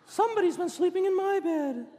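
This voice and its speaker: Cross storybook mama bear, high and strained, played by a preacher, loud, with hall echo. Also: male voice, expressive, a little fast. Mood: indignant. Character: growling mother bear.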